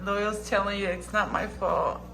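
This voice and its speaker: A woman dog vlogger chatting casually, coaxing her dog in a soft voice and telling the story in lively slang. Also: medium pitch, unhurried, creaky, over music. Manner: animated, swearing slang. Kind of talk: casual vlog chat.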